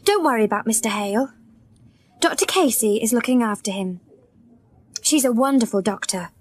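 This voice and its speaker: A woman's voice: fairly high pitch, lively intonation, normal speed. A woman voicing a polite, patient young female nurse in a graded reader audiobook.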